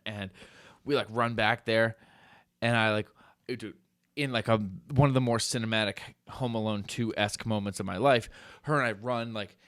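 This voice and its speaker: A young man co-hosting a podcast, retelling a story in a casual way and acting out loud outbursts. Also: on the low side, steady tone, normal speed, smooth, no echo, clean studio sound. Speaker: podcast co-host.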